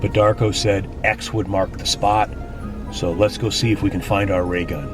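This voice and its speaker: A man's voice: lowish voice, steady tone, normal speed, roomy sound. A man rambling through a playful, self-correcting comic vlog monologue. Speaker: vlogger and storyteller. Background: music.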